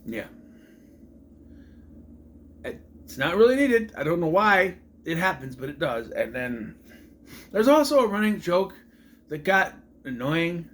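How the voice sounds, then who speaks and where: A man's voice: fairly high pitch, big pitch swings, slow pace, long pauses, a bit bright. A man giving a casual, opinionated movie review, ranting with sarcastic and exasperated asides.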